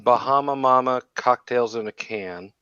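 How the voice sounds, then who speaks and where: A man chatting loosely on a podcast with a few drinks in him, joking and cursing as he rambles. His voice sits at a middle pitch and comes through a dull, dry home microphone. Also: a little slow, pushed and bright, clean tone, no room sound. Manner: joking, profane, rambling, slightly tipsy. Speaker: podcast host. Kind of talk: casual chat.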